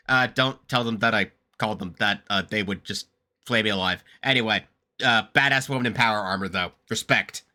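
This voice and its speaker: A man hosting a casual reaction video, rambling excitedly, swearing freely and laughing often as he comments. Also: lowish voice, moderate pace.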